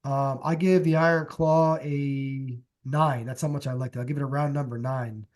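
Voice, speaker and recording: A young man co-hosting a podcast, chatting casually about movies and music in a relaxed, rambling way with plenty of fillers. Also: medium pitch, moderate pace. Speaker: podcast co-host. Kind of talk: casual chat.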